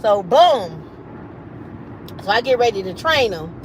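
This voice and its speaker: A woman's voice: medium pitch, measured pace, slight background noise, low-quality recording. A woman hosting a livestream, telling a casual, profane story and acting out the voices of the people in it. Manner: animated, profane, acts out quoted voices. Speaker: livestream host.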